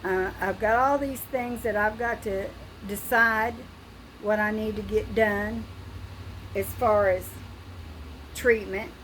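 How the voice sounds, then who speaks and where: An older woman talking through a personal video diary, frightened and halting, with pauses and restarts. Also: mid-range voice, fairly even intonation, a bit bright, a little hiss or hum, low-quality recording. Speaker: vlogger.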